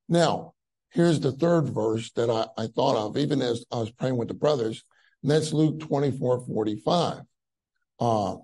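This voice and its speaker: A man's voice: medium pitch, vocal fry, darkish tone, husky, poor audio. A man preaching a conference sermon in a conversational way, with many fillers and rising emphasis on key phrases.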